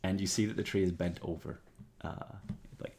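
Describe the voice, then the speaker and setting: A man narrating as game master of a tabletop game, describing scenes with frequent pauses and fillers. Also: sits low, steady tone, noisy background. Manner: descriptive, hesitant with many fillers.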